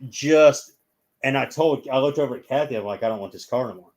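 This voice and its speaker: A man's voice: medium pitch, a little fast, darkish tone. A man with an ordinary mid-range voice spins long stories as a guest in a casual chat. He rambles from one detail to the next and acts out what each person said.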